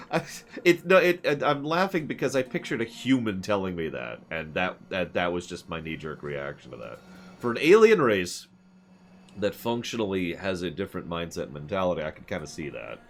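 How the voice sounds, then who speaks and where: A man's voice: sits low, sing-song, normal speed, a little hiss or hum. A man casually commenting on his game for his stream viewers, rambling and sarcastic, and sometimes laughing. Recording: music playing behind.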